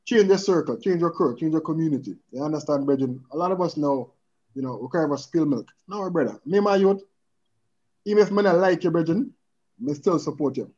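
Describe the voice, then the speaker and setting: Podcast guest, man, lively and earnest with patois, higher-pitched voice, muffled lo-fi audio. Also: brisk. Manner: animated, repeatedly checks in with the listener, mixes in patois. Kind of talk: casual chat. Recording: dull lo-fi sound.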